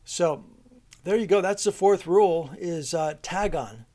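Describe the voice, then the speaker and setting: A man's voice: high voice, measured pace, warm tone. Man telling a grammar story. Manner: storytelling teacher, loose and conversational, with many restarts. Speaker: teacher. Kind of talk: homeschool grammar lesson.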